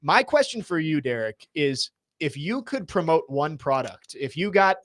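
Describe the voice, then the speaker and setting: A man's voice: fairly high pitch, very animated, moderate pace, fairly bright tone, dry recording, studio quality. A young man hosting sports talk radio, reading listener texts aloud in an easygoing way and chuckling as he goes. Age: young adult.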